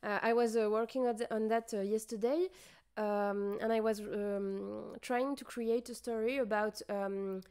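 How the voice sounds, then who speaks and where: A woman's voice: medium pitch, steady tone, unhurried, darkish tone, smooth. A tired young woman with a French accent, chatting casually on a livestream and hesitating as she searches for English words. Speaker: streamer.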